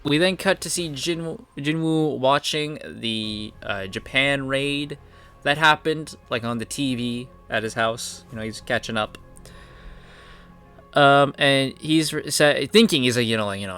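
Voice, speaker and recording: A man with a bright, forward voice talks through a casual chapter recap. He rambles and leans on filler words as he goes. Faint music plays underneath. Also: medium pitch, lively intonation, unhurried. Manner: rambling, heavy on fillers like "like" and "you know". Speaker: manhwa chapter reviewer.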